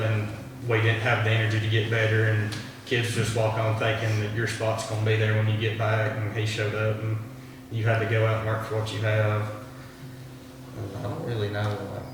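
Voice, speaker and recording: A teenage boy, a high school football player, rambling through a story in an interview. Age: teens. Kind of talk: casual interview answer. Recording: echoey hall, distant mic, noisy.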